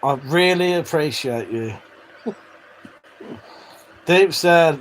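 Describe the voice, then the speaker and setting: A man's voice: fairly high pitch, drawn-out words, pauses often, a little hiss or hum. Laughing, sweary man on a stream. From Britain. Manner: swears freely, laughs often, jokey and blunt. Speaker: livestream host reading chat. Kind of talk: casual livestream chat.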